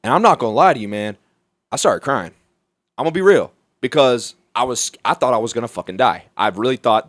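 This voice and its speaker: A young man from Alabama, a comedian guest telling a story in a profane, animated way, laughing as he goes. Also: medium pitch, brisk, no echo. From Mobile, Alabama, US. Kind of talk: casual storytelling.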